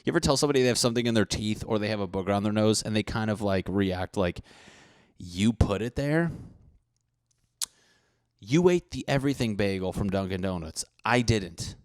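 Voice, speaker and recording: A man's voice: lowish voice, fast, hardly any pauses, no room sound, clean studio sound. A young man hosting a solo podcast, ranting comically with profanity and mocking voices for other people. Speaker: podcast host. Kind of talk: solo comedic rant.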